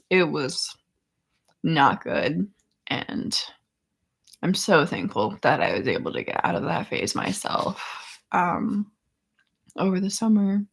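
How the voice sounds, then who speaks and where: A woman's voice: medium pitch, vocal fry, breathy edge. A young woman hosting a casual livestream chat, reading viewers' comments, laughing often and trailing off with ums. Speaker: chronic illness vlogger hosting a live chat.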